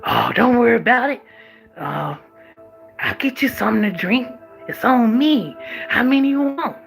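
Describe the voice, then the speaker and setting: A woman acts out an older shopkeeper who hurries to please and keeps offering more. He talks quickly and stumbles over his words. The voice stays close to her own. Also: a little high, lively intonation, creaky, soft background music. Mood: eager. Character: eager generous older man, a smooth shopkeeper.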